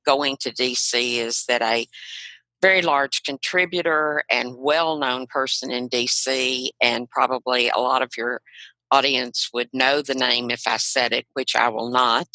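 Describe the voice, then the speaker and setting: A woman's voice: very deep voice, fairly even intonation, measured pace, bright, forceful tone, no room sound, rough recording. An older woman from South Carolina and Arkansas with a Southern US accent, telling frank stories as a podcast guest. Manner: frank, anecdotal, proud of her accent. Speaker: guest, retired non-profit leader. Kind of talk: storytelling in a podcast interview.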